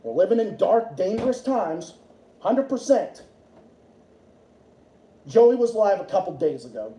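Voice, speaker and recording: A man's voice: high voice, big pitch swings, a little slow, long pauses, dark tone, a little hiss or hum. A man hosting a livestream who rants in an angry, profane way, repeating himself over and over. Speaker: livestream host. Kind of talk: solo political rant stream. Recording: echoey room.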